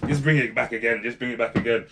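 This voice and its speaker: A man's voice: medium pitch, fairly even intonation, quick pace, gravelly, heavy background noise. A young man giving casual, slangy commentary to his viewers, rambling off topic and often asking them to comment. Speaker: vlogger.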